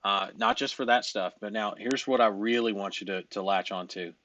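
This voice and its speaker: A man's voice: lowish voice, moderate pace, fairly bright tone, slight background noise. A man coaching on a casual group call, emphatic and loose-talking, swearing and laughing often.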